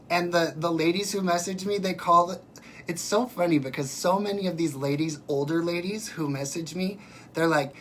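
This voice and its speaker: A man's voice: high voice, moderate pace, fairly bright tone, a little hiss or hum. A man hosting a casual livestream, reading out viewer comments and answering them by name in a chatty, emphatic way.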